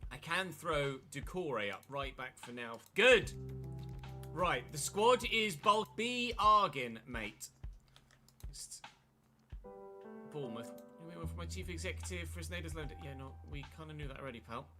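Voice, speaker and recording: A man's voice: fairly high pitch, animated, moderate pace, sharp tone, soft background music. A man streaming a football career game, commenting casually with a chatty, wry manner and answering his chat.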